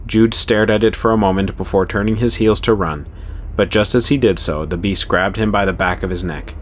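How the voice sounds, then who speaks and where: Deep-voiced male storyteller. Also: fairly quick, slight background noise. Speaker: narrator. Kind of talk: scripted story narration. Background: faint music.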